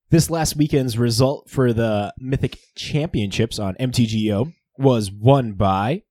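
Lively casual podcast host man. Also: on the low side, no echo, studio quality. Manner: lively, swears and laughs often. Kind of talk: casual chat.

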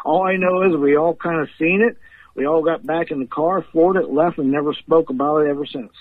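A man's voice: fairly high pitch, steady tone, brisk, no echo. A man calling in as a guest, telling rambling stories and laughing often between them. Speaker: guest paranormal investigator. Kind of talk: casual storytelling on a podcast. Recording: tinny phone line.

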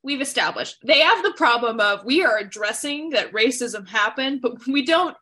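A woman's voice: a little high, lively intonation, normal speed, bright, forceful tone. A woman co-hosting a casual podcast, talking enthusiastically and laughing often. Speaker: podcast co-host.

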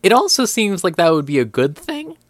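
This podcast co-host is a young man with a high voice that swings hugely in pitch, and he talks briskly. The casual chat is incredulous, loaded with fillers and swearing, and the audio has no echo.

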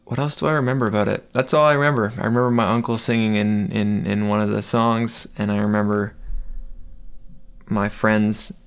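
Gravelly low-voiced man, rambling. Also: fairly even intonation, brisk. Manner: rambling, meandering recollection with many fillers. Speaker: podcast guest. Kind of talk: casual podcast discussion.

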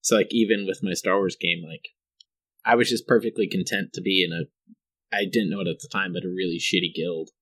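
A man's voice: low-pitched, fairly even intonation, fairly quick, a bit bright, low-quality recording. A man chatting casually on a podcast, teasing his friends and laughing easily. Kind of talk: casual chat.

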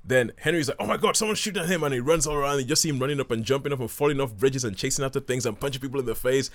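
A man's voice: medium pitch, fairly even intonation, racing. Guy rambling thru a movie review, keeps restarting, does little quotes. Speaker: film review host. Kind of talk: casual film review chat.

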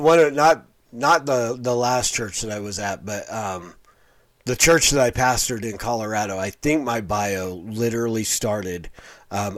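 A middle-aged man talks through a casual online commentary in an ordinary mid-pitched voice. He rambles and circles back, with plenty of fillers and false starts. It sounds like one person talking straight to his viewers. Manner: rambling, full of fillers and restarts.

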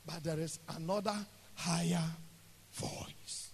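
A man preaching a sermon, swinging between shouts and near whispers and calling on the congregation to repeat after him. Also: high-pitched, expressive, slow pace, pauses often, husky. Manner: swings from shouting to hushed, call-and-response with the congregation. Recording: echoey hall.

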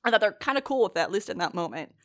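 A woman from the United States in casual podcast chat, animated, laughing often and swearing freely as she recaps a show. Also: medium pitch, rapid-fire. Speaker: podcast co-host reacting to an anime.

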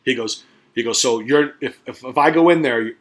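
A man's voice: mid-range voice, normal speed. A middle-aged man and podcast co-host telling a story in casual chat, rambling and swearing freely, and acting out the voices of the people he quotes.

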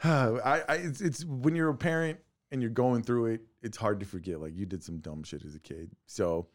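A man's voice: mid-range voice, moderate pace. A man, co-hosting a casual podcast chat and telling rowdy childhood stories with lots of laughing and swearing. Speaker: podcast co-host.

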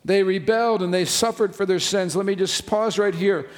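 Male pastor, high voice, emphatic sermon delivery, long church hall reverb. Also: steady tone. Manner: preaching with emphatic slowed phrases. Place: church sanctuary.

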